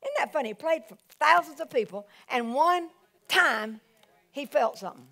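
A woman pastor preaching a sermon, animated and full of exclamations. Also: sits high, normal speed, gravelly.

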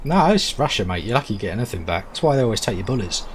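Excitable gamer, sweary. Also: male voice, fairly low pitch, racing, noisy background. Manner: excitable, swears a lot, laughs often. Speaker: gaming channel host. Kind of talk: casual gaming chat with friends. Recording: game audio mixed with background music.

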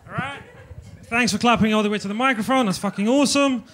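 A young stand-up comedian from Eastern Europe with a strikingly high-pitched voice, chatting to a club crowd in a loose, profane banter. He speaks into a handheld stage mic. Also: quick pace, very noisy.

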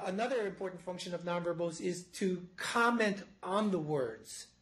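A man's voice: high-pitched, low-quality recording. A man, a psychology professor, lecturing live to a studio audience in an explanatory way, often restarting his phrases. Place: university studio before an audience.

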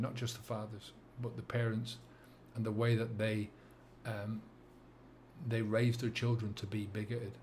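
A middle-aged man with a Dublin accent, talking to camera as a sobriety coach, earnest and halting with many fillers and restarts. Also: on the low side, darkish tone, a little hiss or hum. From England and Ireland. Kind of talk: reflective monologue to camera.

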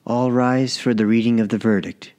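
A man's voice: mid-range voice, fairly even intonation, normal speed, mellow, lightly acted. A man voicing a stern, weary male judge in an audiobook story, speaking formally.

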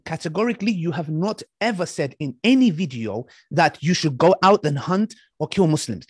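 A man's voice: fairly high pitch, animated, moderate pace, breathy edge, no room sound, studio quality. A man debating online, mocking and talking over his opponent, repeating himself to hold the floor. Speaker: online preacher debating an ex-Muslim.

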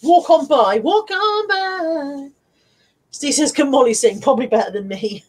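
A woman's voice: a little high, a little fast, a little mellow, slightly rough. A middle-aged Irish woman live-streaming from a phone or webcam, chatting casually as she reads viewers' comments aloud, laughing often. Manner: chatty, laughs often, breaks into off-key singing. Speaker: live-streaming reseller vlogger.

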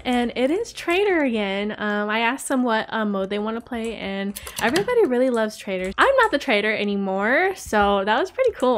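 A young woman hosting a gaming channel, narrating her play live, excitable and quick to gasp and giggle. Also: fairly high pitch, a little hiss or hum. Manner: excitable, gasping and giggling often. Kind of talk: live game commentary.

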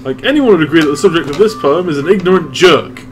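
A man's voice: on the high side, animated, quick pace, soft background music, rough recording. Man reading game lines with wry asides. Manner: reads game text aloud with wry asides. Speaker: let's play commentator. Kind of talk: group game playthrough, reading dialogue aloud.

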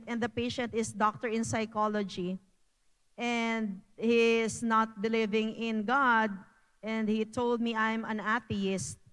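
A woman's voice: on the high side, a bit bright, clean tone, long reverb tail, low-quality recording. A woman with a Filipino accent giving an earnest, repetitive health talk at a church prayer meeting. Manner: earnest, repeats phrases, slow.

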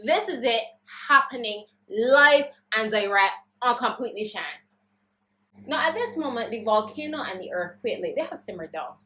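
A woman rants her way through a storytime vlog, her high voice leaping all over the place as she acts out every part of the story. She goes from a forced calm straight to shouting. A faint hiss sits under the recording. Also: low-quality recording. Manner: dramatic, acts out her own voice and others, swings between calm and shouting. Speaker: vlogger. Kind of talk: animated storytime rant.

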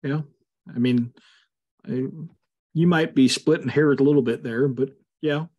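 A man's voice: mid-range voice, fairly even intonation, unhurried, a little mellow, highs cut off. A male pastor leading a Bible study over a video call, talking conversationally with frequent fillers and emphatic asides.

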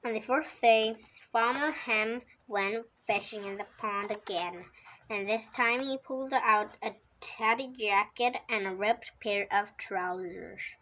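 A woman's voice: medium pitch, bright, forceful tone, slight background noise, rough recording. A woman reading a children's picture book aloud, with the odd slip and restart. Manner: slow, unhurried reading with occasional slips and restarts. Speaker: storybook reader.

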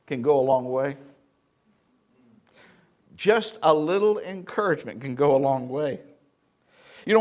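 A male pastor with a Southern Indiana accent delivers a sermon in a church, stringing together homespun stories. He asks the congregation questions and answers them himself. His voice sits a touch above the usual male pitch. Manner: folksy storytelling preacher, call and response.

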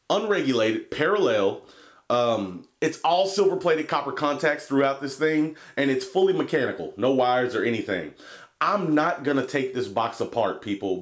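A man's voice: medium pitch, animated, moderate pace. A man reviewing a vape box in a rambling, swearing, laid-back vlog. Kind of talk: casual product review vlog.

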